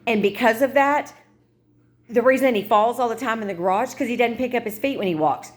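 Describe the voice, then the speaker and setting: A woman's voice: a little high, a little fast. A middle-aged woman, chatting frankly to her viewers in a casual vlog and venting her frustrations. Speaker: vlogger. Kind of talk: casual chat to camera.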